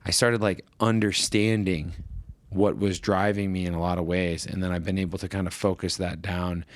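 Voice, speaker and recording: Rambling low-voiced man telling stories. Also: normal speed, no echo. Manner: rambling, animated, acts out quoted voices. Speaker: podcast guest. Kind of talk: casual storytelling conversation.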